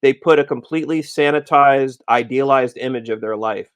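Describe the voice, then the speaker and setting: A man's voice: mid-range voice, moderate pace, smooth, no room sound. A man as a guest commentator, talking emphatically and often repeating himself. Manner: emphatic, repeats "again" and "you know". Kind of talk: conversational analysis.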